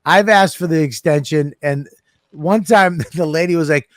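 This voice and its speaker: A man's voice: on the high side, moderate pace, dry recording, studio quality. A man co-hosting a casual comedy podcast, telling crude stories and acting out the people in them. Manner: crude, animated storytelling with acted-out quotes. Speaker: podcast co-host.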